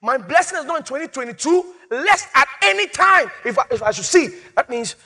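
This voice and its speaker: A male pastor preaching a sermon, repeating key phrases with dramatic rises and sudden soft drops. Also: very high voice, animated, fairly quick.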